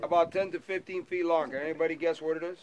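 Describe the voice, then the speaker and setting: A man's voice: fairly high pitch, fairly even intonation, fast. A man guiding an airboat tour outdoors, talking to his passengers in a playful, teasing way and telling stories. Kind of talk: joking guided tour talk to passengers. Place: outdoors on a moving airboat in wetlands. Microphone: 360 camera mounted on the boat. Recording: loud wind and airboat engine noise.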